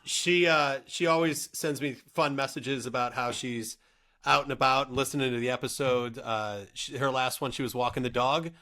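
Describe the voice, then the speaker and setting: A man in his forties co-hosting a casual podcast, eagerly giving a chatty listener shout-out. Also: medium pitch, steady tone, normal speed. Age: 40s. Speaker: podcast co-host.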